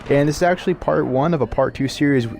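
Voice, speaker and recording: A man's voice: fairly high pitch, fast, gravelly, darkish tone, a little hiss or hum. A young man telling a casual storytime vlog story, rambling with lots of fillers and swearing. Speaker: channel member telling a story.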